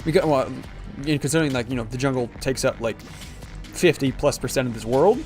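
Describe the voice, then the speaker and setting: A man's voice: mid-range voice, fast, darkish tone, faint music behind. A man casually commentating a game livestream, joking and sarcastic, rambling with lots of fillers, sleepy and yawning. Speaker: gaming livestreamer.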